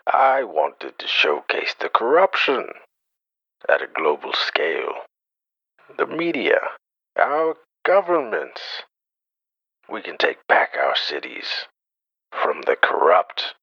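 A man putting on the voice of a menacing masked supervillain, with a deep gravelly rasp and a grandiose, theatrical manner. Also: huge pitch swings, slow pace, long pauses, pushed and bright, no room sound, highs cut off, exaggerated voice. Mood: rousing.

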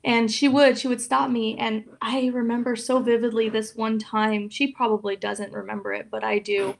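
A young woman speaking as a podcast guest, talking openly and emotionally in a casual, soft way with many fillers. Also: a little high, flat delivery, moderate pace, gravelly. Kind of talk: casual interview chat.

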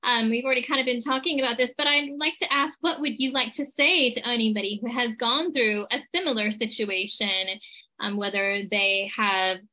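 Bright-voiced woman interviewer. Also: on the high side, normal speed, low-quality recording. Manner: supportive, brief affirmations. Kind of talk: ministry interview.

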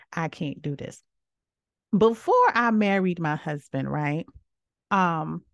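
A woman in her thirties hosting a podcast, giving outspoken, sassy opinions in a casual way, with sudden jumps from low murmurs to high exclamations. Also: dry recording, studio quality. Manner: sassy, outspoken, preachy asides. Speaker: podcast host.

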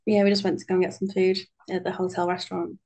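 A woman's voice: on the low side, level tone, fast talker, a little mellow, a little hiss or hum. A young British woman co-hosting a podcast, chatting casually and rambling with lots of fillers. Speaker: podcast co-host. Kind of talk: casual chat.

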